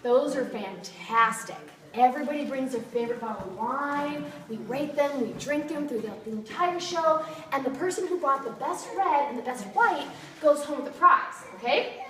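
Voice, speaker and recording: A woman's voice: sits high, normal speed, fairly bright tone. A woman giving a bubbly, laughing sales demo to a group, asking her audience questions. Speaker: kitchenware party consultant. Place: meeting room with an audience. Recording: echoey room from far off, noisy.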